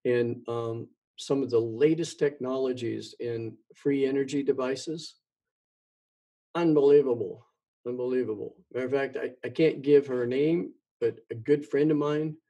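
A man's voice: mid-range voice, mellow, breathy edge. A man hosting his own show, talking in a rambling monologue, stumbling and repeating words with many ums. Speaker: podcast host.

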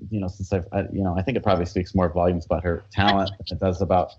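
A man who works as a coach, chatting as a guest in a relaxed, easygoing way with frequent fillers and laughs. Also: low voice, rapid-fire, muffled recording, background noise. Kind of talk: casual interview chat.

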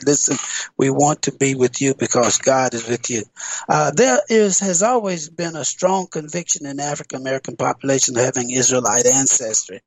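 Male radio teacher, earnest and deliberate, average pitch, dry studio sound, leans on repetition. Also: no room sound, poor audio. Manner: earnest, emphatic, repeats key phrases; measured delivery with hesitant fillers.

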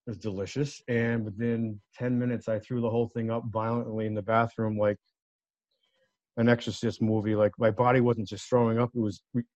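A man guesting on a talk show, telling a story in a lively way and acting out the voices of the people in it. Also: lowish voice, brisk, no room sound. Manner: animated, acts out quoted voices. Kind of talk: casual storytelling. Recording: dull lo-fi dry sound.

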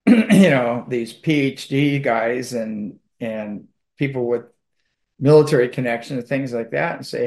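A man's voice: mid-range voice, measured pace, darkish tone. A man giving a casual monologue as a commentator, rambling with fillers and restarts and a sardonic, mocking tone.

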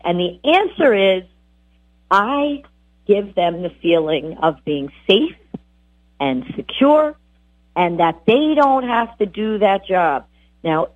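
A woman dog trainer giving lively, chatty advice on bonding with dogs. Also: medium pitch. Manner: animated, chatty, voices the dogs. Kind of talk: casual advice talk. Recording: tinny phone-like audio.

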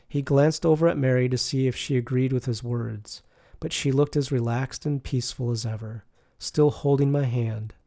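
A man reading a novel aloud in the first person, calm and measured, with a soft teaching manner. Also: medium pitch, gravelly. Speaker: audiobook narrator.

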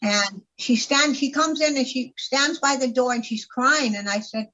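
A woman's voice: high-pitched, moderate pace, hardly any pauses, bright, forceful tone, highs cut off. A woman herbalist from California chatting as a radio guest, telling stories emphatically with many restarts. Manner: storytelling, emphatic, with repeated starts. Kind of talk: casual radio chat.

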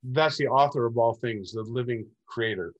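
A man's voice: mid-range voice, normal speed, lo-fi sound. Male interview guest, rambling storyteller who acts out quoted dialogue. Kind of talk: recounting personal experiences.

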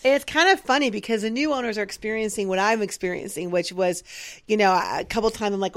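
A woman's voice: medium pitch, brisk, no room sound. Chatty woman co-host, dry sound. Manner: chatty, with restarts and acted-out anecdotes. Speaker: podcast co-host. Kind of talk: casual chat.

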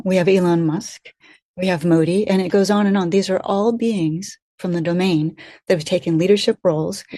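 A woman's voice: fairly low pitch, warm tone, dry recording, studio quality. A woman co-hosting a spiritual talk, explaining earnestly in long lists. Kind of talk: casual spiritual chat.

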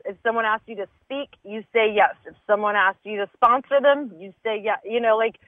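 A female stand-up comedian, appearing as a guest on a casual podcast chat, speaks in a slightly high voice with fairly even intonation and a brisk pace. She is candid, swears casually, and acts out her own thoughts. The recording is dry and tinny, like a phone, with no room sound.

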